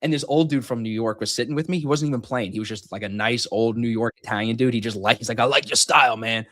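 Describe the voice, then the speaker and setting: A man's voice: medium pitch, fast talker. A man telling a long gambling story in casual chat, swearing freely and acting out what people said. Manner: animated, profane storytelling, acts out quotes loudly. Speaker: podcast host telling a story.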